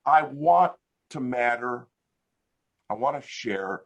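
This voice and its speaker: Lively husky older American man. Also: medium pitch, takes it slowly. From United States. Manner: animated, laughing storyteller. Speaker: interview guest, hypnotist. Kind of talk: casual storytelling. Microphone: video call.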